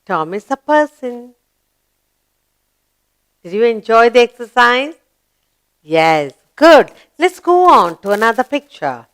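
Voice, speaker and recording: A woman's voice: on the high side, big pitch swings, fairly bright tone. A woman teaching a children's grammar lesson, who asks questions and answers them herself in an encouraging teacher's voice. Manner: slow, encouraging, sing-song teacher voice.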